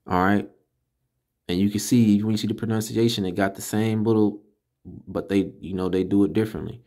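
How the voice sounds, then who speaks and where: A man teaching a casual class, correcting pronunciation in an emphatic way and slowly sounding out syllables one by one. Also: fairly low pitch, steady tone. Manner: slow, deliberate, repeats and sounds out syllables. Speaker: teacher of a religious language class. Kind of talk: casual spoken lesson.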